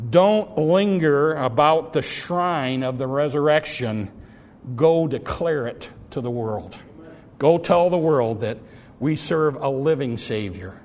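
A man preaching a sermon and explaining scripture verse by verse, often halting and repeating words as he goes. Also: mid-range voice, a little mellow. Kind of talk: sermon, Bible exposition.

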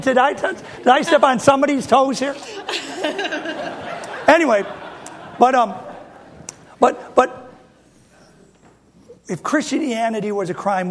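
A man in his fifties preaching a sermon as a pastor, folksy and emphatic, with repeated rhetorical questions. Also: high voice.

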